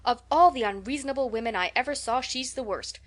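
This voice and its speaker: A woman reading aloud and voicing a stern, sharp-tongued older spinster who scolds briskly. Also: high-pitched, pitched above the performer's own voice. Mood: exasperated.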